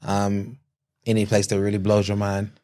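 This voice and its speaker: A man from Chicago with an American accent, hosting a podcast in a relaxed, joking chat. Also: on the low side, moderate pace. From Chicago, USA. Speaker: podcast host. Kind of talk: casual interview chat.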